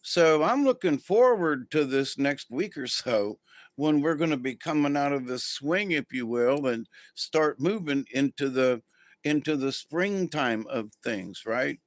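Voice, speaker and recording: A man's voice: on the high side, expressive, measured pace, no room sound. A man hosting a casual spiritual livestream, talking to viewers in a rambling, easygoing way with many ums and restarts. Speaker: spiritual channel host.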